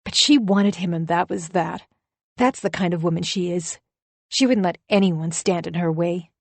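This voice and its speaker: A woman's voice: fairly low pitch, moderate pace, gravelly, no echo. A woman doing a bitter, indignant ex-wife. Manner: aggrieved, emphatic. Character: indignant middle-aged ex-wife, bitter and self-righteous.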